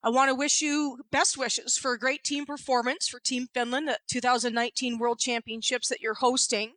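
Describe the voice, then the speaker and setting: A woman hosting a podcast interview, retelling a bench story as an animated storyteller. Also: on the high side, normal speed, no echo. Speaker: podcast host and coach. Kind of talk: conversational interview.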